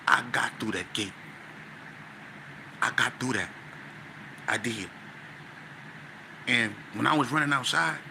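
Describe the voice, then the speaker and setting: A man with a very bright, sharp-edged voice tells a story as a podcast guest. He talks in lively, slangy bursts and acts out scenes with sound effects. There is a faint hiss of noise behind him. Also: a little high. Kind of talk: animated storytelling.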